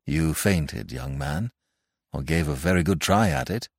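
A man reading a story aloud, voicing a calm, wry older doctor who speaks soothingly and matter-of-factly. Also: extremely low pitch, gravelly, no echo, clean studio sound, voice pushed down, heavily acted. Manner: soothing, unhurried, matter-of-fact.

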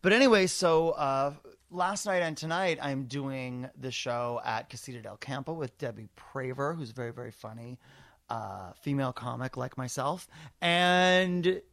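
A man who is a comedian hosting a podcast, telling stories in a campy, profane, animated way. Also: mid-range voice, measured pace, no room sound. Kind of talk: casual storytelling chat.

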